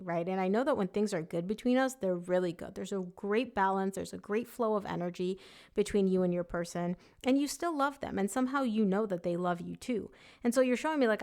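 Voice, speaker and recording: A woman's voice: mid-range voice, fairly quick, darkish tone. Woman tarot reader, chatty and emphatic, casual direct address. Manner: chatty, emphatic, voices the client's thoughts.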